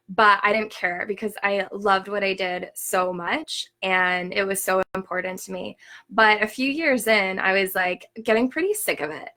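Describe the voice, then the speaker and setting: A young woman hosting a live spiritual workshop, telling her story in an animated, chatty way full of "like". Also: medium pitch. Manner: chatty, heavy use of "like", emphatic and animated. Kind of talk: casual storytelling talk. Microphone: live stream, reads viewer comments.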